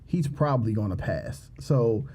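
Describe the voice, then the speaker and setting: A man's voice: lowish voice, very animated, measured pace, mellow. A man co-hosting a podcast, telling a story in a laid-back, matter-of-fact casual chat. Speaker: podcast co-host.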